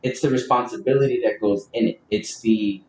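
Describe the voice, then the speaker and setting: A man's voice: on the low side, a little fast, a little mellow. A man co-hosting a casual podcast, talking in a profane, joking way. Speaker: podcast co-host. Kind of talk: casual chat. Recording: roomy sound from a distant mic.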